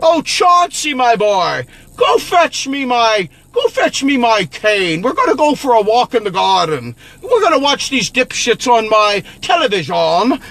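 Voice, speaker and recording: A man voicing a smug wealthy older man who sneers at ordinary people in a lordly, drawn-out way. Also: extremely high pitch, very animated, fairly bright tone, heavily acted. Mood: gloating.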